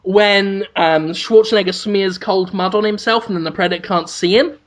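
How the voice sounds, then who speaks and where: A man's voice: high voice, normal speed. A man co-hosting a comedy podcast, rambling through an absurd made-up story and laughing at his own jokes. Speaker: podcast co-host.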